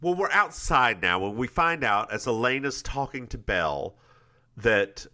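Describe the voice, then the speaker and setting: A man's voice: mid-range voice, a little slow. A man co-hosting a podcast, recapping an episode in casual chat and acting out characters' lines. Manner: animated storyteller, acts out lines with shifting voices. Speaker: podcast co-host.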